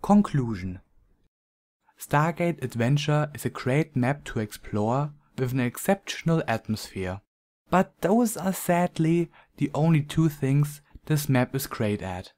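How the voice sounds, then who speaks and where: A man's voice: on the high side, animated, measured pace, a little mellow. Man with a German accent reviewing. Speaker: game map reviewer. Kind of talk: scripted review narration.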